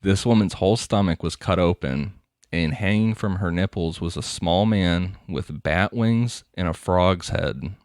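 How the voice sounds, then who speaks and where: A man's voice: low-pitched, a little slow, darkish tone, clean tone, dry recording, studio quality. A man hosting a podcast, narrating case details in a casual way and laughing often. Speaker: podcast host. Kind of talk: casual true-crime narration.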